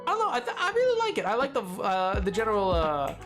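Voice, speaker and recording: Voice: medium pitch, huge pitch swings, fast. A streamer from Britain chatting casually on a live stream, rambling and playful, often breaking off mid-thought. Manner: rambling, playful, self-interrupting. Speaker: game streamer. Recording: stream audio with music underneath. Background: background music from the stream.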